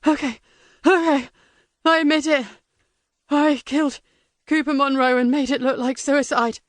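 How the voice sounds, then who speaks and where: Lady narrator doing a desperate prison guard guy, gasping and begging, higher pitched, dry sound. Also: fairly even intonation, a little slow, no echo. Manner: desperate, breathless pleading. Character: male prison guard being tortured, panicked, pleading.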